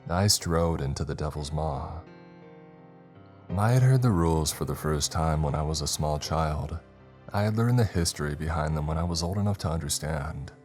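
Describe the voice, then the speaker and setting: Male horror-story narrator, extremely low voice, steady and measured, faint music underneath.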